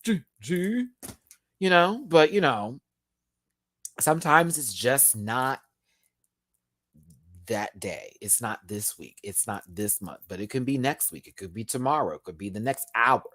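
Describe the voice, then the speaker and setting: Male host for a live show recap: sassy, chatty, slang-heavy, mid-pitched, dry close sound. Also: unhurried, no echo. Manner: sassy, playful drag slang; chatty, expressive, with laughs. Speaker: YouTube reviewer. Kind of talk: live episode review.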